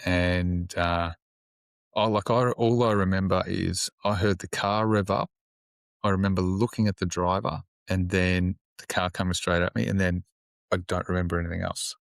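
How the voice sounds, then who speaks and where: Swearing easily, a male police officer recounts a story on a podcast in a loose, halting style packed with fillers and restarts. His low voice holds a steady tone with some vocal fry, and no room sound comes through.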